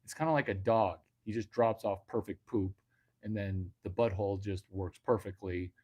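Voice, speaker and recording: A man's voice: fairly low pitch, steady tone, normal speed, a little mellow. A man hosting a livestream, telling a crude, boastful, rambling comic story.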